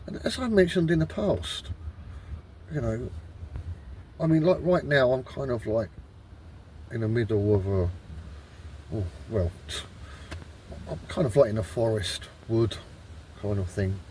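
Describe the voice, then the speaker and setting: A man rants to the camera from a wood, his voice sitting at an ordinary middle pitch. He talks in halting, stop-start phrases, swearing heavily and circling back in exasperation. A faint outdoor hiss sits under him. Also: mellow. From Britain. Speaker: vlogger. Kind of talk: rambling outdoor monologue. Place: woodland outdoors.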